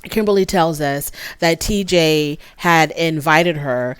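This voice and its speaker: Woman, show reviewer, opinionated, chatty, lowish voice, dry sound. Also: takes it slowly, smooth, no room sound. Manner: opinionated, chatty, many fillers. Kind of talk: casual recap commentary.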